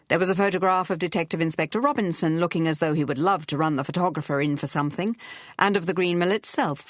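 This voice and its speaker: A woman narrating an audiobook in a measured, even manner. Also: deep voice, no echo, studio quality. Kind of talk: scripted narration.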